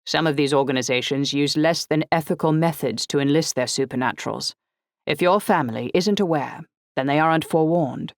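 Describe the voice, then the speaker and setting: A woman voicing a formal, precise older man who speaks in clipped, measured sentences. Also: low-pitched, dry recording. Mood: urgent. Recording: dry close audiobook recording.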